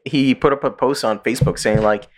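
Animated man telling stories on a podcast. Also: fairly quick. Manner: animated storyteller, jumps into high voices for quoted characters. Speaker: podcast co-host. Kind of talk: casual podcast chat.

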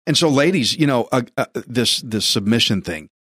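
A man's voice: medium pitch, big pitch swings, moderate pace, fairly bright tone, slightly rough, no echo, clean studio sound. A man in casual Bible discussion, blunt and folksy.

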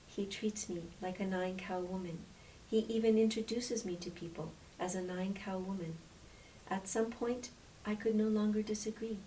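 A woman voicing a gentle, reflective island wife telling her own story, with a distant mic and faint hiss. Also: medium pitch, lightly acted.

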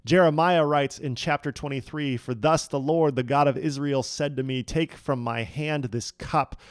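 A man preaching a sermon as a pastor, telling a story with big swings between loud and hushed lines. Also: mid-range voice, steady tone, moderate pace, clean tone, no echo, studio quality. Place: church hall.

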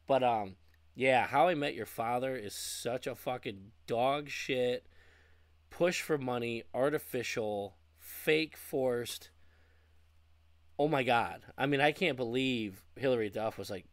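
A man's voice: medium pitch, measured pace, dry recording. A man co-hosting a podcast, ranting casually about bad TV shows with plenty of swearing. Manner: profane, animated ranting. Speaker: podcast co-host.

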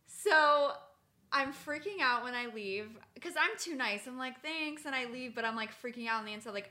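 A young woman co-hosting a podcast, telling stories in a chatty, animated way full of "like". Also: high voice, a little fast. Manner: chatty storyteller, lots of "like", animated. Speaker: podcast co-host. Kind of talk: casual chat.

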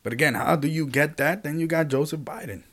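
Rambling, animated male podcast host. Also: fairly high pitch, brisk. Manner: rambling and animated, with frequent restarts and asides to listeners. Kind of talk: casual monologue podcast.

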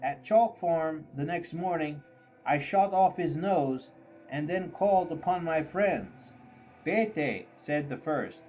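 A man reading a classic story aloud as an audiobook narrator, slow and deliberate. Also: a little high, warm tone, soft background music, low-quality recording. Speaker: audiobook reader. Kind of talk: scripted narration.

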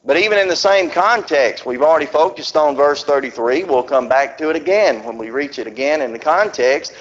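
High-voiced preacher man, lo-fi. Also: expressive. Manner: drawn-out emphatic scripture reading. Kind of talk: sermon. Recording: dull lo-fi recording.

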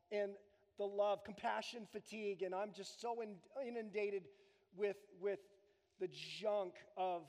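High-voiced pastor preaching. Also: male voice, steady tone, measured pace, darkish tone. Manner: earnest, emphatic preaching with shifting pace. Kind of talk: sermon. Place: church sanctuary. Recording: long hall reverb.

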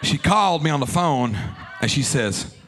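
A male pastor preaching a sermon in an animated, playful way, joking back and forth with the congregation. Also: on the high side, normal speed.

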